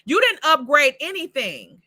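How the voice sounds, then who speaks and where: A woman with a bright, lively voice that jumps around in pitch, recapping a TV episode in a casual, profane way. She talks straight back at the characters as if they could hear her. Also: measured pace. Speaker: host of a TV recap channel. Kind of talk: casual reaction review.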